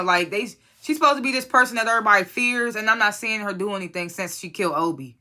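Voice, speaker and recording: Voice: medium pitch, fast talker, hardly any pauses, bright, forceful tone. A casual TV episode reviewer recapping scenes bluntly and profanely, quoting the characters loosely and offering strong opinions.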